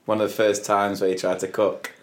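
A British man co-hosts a casual podcast. He speaks in a lowish voice and mostly chimes in with short prompts and replies. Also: flat delivery, brisk. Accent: British English. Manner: brief encouraging interjections. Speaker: podcast co-host. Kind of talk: casual chat.

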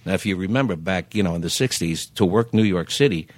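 Older philly guy spinning showbiz stories, real low voice, dry close sound, stammers and does the voices. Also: fast, no room sound. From Philadelphia. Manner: animated anecdotes, acts out quoted voices, stammers restarts. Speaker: guest singer. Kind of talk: storytelling in casual chat.

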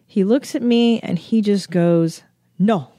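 A woman's voice: mid-range voice, unhurried, mellow, no room sound, clean studio sound. A young woman comedian telling a travel story with lots of swearing and self-mocking jokes. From United States. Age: young adult. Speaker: comedian and podcast host. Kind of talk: comic storytelling.

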